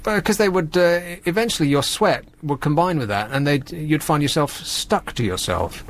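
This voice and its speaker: Wry radio host, lively delivery. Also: male voice, on the high side, moderate pace, a little hiss or hum. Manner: wry, rambling storyteller. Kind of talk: late-night radio chat.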